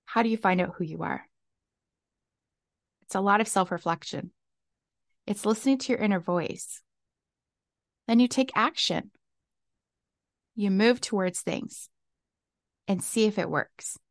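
A woman's voice: medium pitch, unhurried, long pauses, no room sound, clean studio sound. A woman hosting her own podcast, talking casually and exuberantly, laughing often. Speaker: podcast host. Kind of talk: casual solo podcast talk. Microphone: desk mic.

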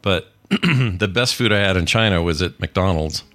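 A middle-aged podcast host leads a casual live-streamed chat, jokey and rambling and packed with puns. His voice is deep and fairly bright, with lively intonation and an unhurried pace.

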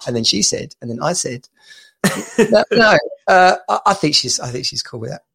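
Gravelly man hosting a chatty stream. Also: high voice, sing-song, a little slow, pauses often, fairly bright tone. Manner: chatty, rambling, laughs easily. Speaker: podcast host. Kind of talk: casual live-stream chat.

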